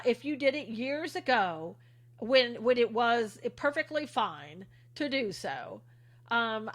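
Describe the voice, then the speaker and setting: A middle-aged woman with a slightly high, somewhat bright voice hosts a casual livestream. She reads viewer comments out loud and answers them sarcastically, chatting away and laughing often.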